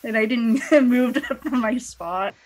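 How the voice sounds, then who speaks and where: A woman's voice: a little high, unhurried, slight background noise. A woman playing a game with a friend, chatting casually, laughing and groaning at close calls. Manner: animated and laughing, groans at near misses. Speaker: co-player. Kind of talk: casual gameplay chat.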